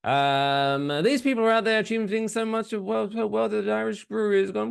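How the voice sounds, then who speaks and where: A podcast co-host with a high, sing-song voice talks at a moderate pace, with vocal fry and few pauses, and his delivery stays smooth. He jokes about the news in a casual, sarcastic way, swearing freely and doing silly voices.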